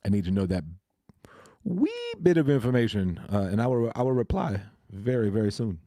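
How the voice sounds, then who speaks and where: A man's voice: medium pitch, wildly swooping pitch, normal speed, warm tone, no echo, clean studio sound. A man hosting a casual live stream, laughing often as he greets and answers his chat. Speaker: crypto live-stream host.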